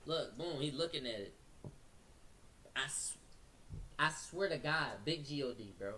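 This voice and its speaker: A man tells his story in a bright, forceful voice, full of slang and acted-out quotes. He sits back from the mic, and a faint hiss runs under him. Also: medium pitch, measured pace, recorded from a distance. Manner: slangy, acts out quotes, speeds up when excited. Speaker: storyteller recounting an incident. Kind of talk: animated casual storytelling.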